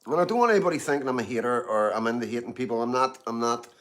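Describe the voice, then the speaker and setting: Rapid-fire and fairly bright in tone, a man with a mid-range voice reads out his live-stream chat from Glasgow. He's rambling and talkative, repeating himself, dropping plenty of "you know what I mean," and eating and drinking tea between comments.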